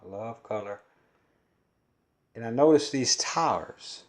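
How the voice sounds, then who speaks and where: A man's voice: mid-range voice, lively intonation, slow. Older southern guy, kentucky-louisiana drawl, just rambling along telling folksy stories. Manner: homespun storytelling, drawling and earnest. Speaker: folk-art vlogger and collector. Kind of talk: rambling folksy monologue to camera.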